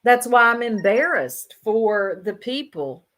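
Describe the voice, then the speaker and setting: A woman's voice: a little high, sing-song, takes it slowly, fairly bright tone. A woman giving casual reaction commentary, blunt and sarcastic, laughing often and talking straight to her chat.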